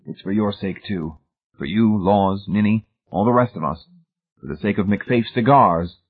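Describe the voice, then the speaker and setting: A man's voice: fairly low pitch, unhurried. A man reading aloud, voicing a grim, determined man who speaks curtly. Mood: terse. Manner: curt, terse. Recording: tinny phone-like band.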